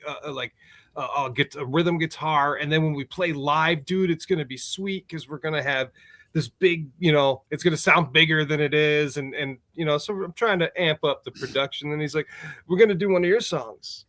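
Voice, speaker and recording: A man with a slightly raised, lively voice tells a story as a guest on a casual podcast. He laughs often, swears freely and fills his talk with loose fillers. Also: on the high side, moderate pace. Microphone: remote call setup.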